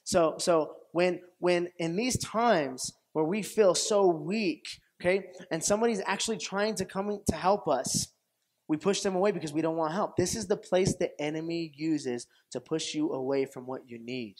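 At a moderate pace, a pastor with a fairly high voice tells his sermon like an animated story, performing quoted voices and laughing often, then easing into quieter, reflective stretches. He restarts and repeats phrases and asks the congregation whether it makes sense.

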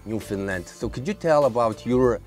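A man from Mongolia, raised partly in Poland, hosting a talk show with deadpan teasing and halting fillers. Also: medium pitch, faint music behind.

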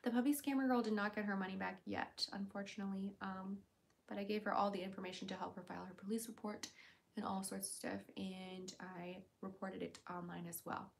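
A woman streamer chatting casually on a livestream, reading viewers' comments aloud and answering them with quick giggles. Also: medium pitch, steady tone, gravelly, slight background noise. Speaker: streamer and voice actor.

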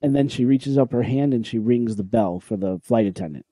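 A man co-hosting a podcast, telling a story in a casual, animated way, swearing and acting out what people said. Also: medium pitch, brisk, no room sound. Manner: animated, swearing, acts out quoted lines. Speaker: podcast co-host. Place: podcast recording room.

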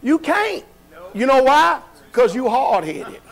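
Very high and creaky, this pastor's voice is very animated as he preaches slowly, with faint music behind him. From the church sanctuary he delivers a folksy, colloquial sermon, drawing the congregation into call-and-response with frequent questions.

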